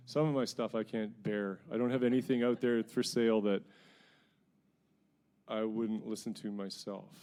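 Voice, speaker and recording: A middle-aged singer-songwriter from New Brunswick, telling rambling, self-mocking stories between songs at a house concert. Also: male voice, fairly low pitch, gravelly, warm tone. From New Brunswick, Canada. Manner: rambling, self-mocking anecdotes with frequent chuckles. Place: living room at a house concert.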